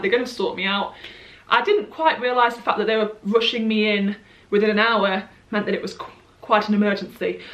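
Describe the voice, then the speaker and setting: A candid young woman tells a story in a chatty, self-mocking vlog style. Her voice sits fairly high. The room around her echoes. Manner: lively, candid, quick to laugh at herself. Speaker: vlogger. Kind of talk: casual storytime monologue.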